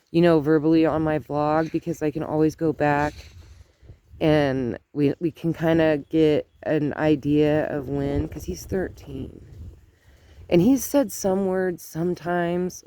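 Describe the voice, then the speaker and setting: Slow, chatty grandmother telling a story. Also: sits low, mellow, clean tone. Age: older. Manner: chatty storytelling with laughs and asides. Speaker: vlogger. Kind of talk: casual chat.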